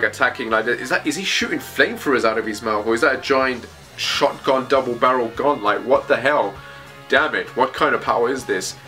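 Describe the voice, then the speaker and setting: A man casually reacting to a comic chapter, thinking aloud in a rambling, excitable way as he reads it. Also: mid-range voice. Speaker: manga reaction host.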